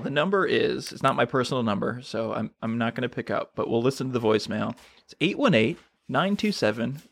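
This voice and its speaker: A man co-hosting a casual podcast, laughing often and telling stories in an animated way. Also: medium pitch, vocal fry, slightly rough, dry recording. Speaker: podcast co-host. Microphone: podcast mic.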